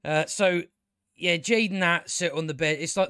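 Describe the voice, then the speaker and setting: A man's voice: fairly high pitch, moderate pace, bright, forceful tone, smooth, no echo, studio quality. A man giving a casual, sarcastic and exasperated spoken review of a TV show, swearing often.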